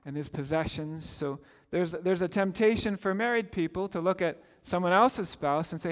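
A man's voice: high voice, moderate pace, few pauses, in a large hall. A middle-aged man preaching a sermon, telling stories in a conversational way and acting out the quotes. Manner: storytelling, conversational with acted quotes. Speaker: pastor.

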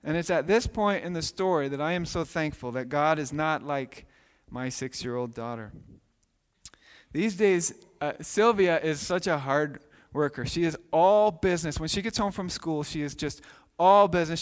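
A man in his thirties, a pastor preaching a sermon with animated storytelling, acting out voices. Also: on the high side, normal speed. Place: church sanctuary. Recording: long hall reverb.

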